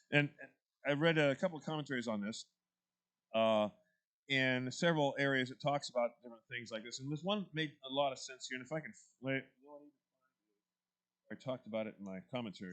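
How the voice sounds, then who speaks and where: A man's voice: medium pitch, a bit bright. A man leading a church Bible study class, talking through the text in a conversational way and putting questions to the group.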